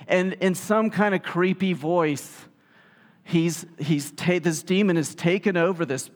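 A male pastor preaching a sermon in a conversational, animated storytelling way, with casual asides. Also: on the high side. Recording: reverberant hall sound.

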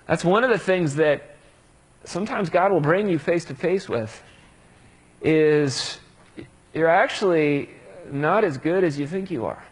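A man preaching a sermon in a relaxed, conversational way, acting out the voices of people he quotes. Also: a little high, a little slow, pauses often, husky. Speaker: pastor.

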